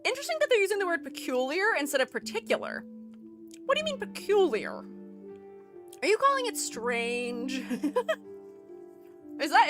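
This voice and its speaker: A woman's voice: on the high side, a bit bright. A young woman with a mixed Rust Belt American accent, streaming a game and chatting casually with her viewers, giggling often as she reads their messages. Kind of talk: casual chat while gaming.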